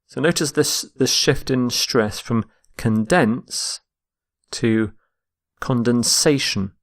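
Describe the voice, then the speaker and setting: Male English teacher, slow and deliberate, models each word's pronunciation. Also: medium pitch. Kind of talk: vocabulary lesson.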